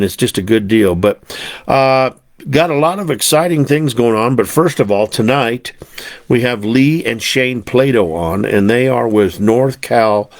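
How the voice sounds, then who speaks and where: A man hosting his own podcast in casual chat, rambling and folksy, with many fillers and restarts. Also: medium pitch. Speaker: podcast host. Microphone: desktop podcast recorder mic.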